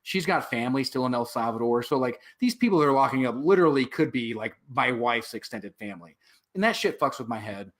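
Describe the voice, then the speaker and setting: A man's voice: mid-range voice, expressive, a little fast. A man, a veteran and activist, telling his story as a guest in a casual interview, rambling with many fillers and swear words.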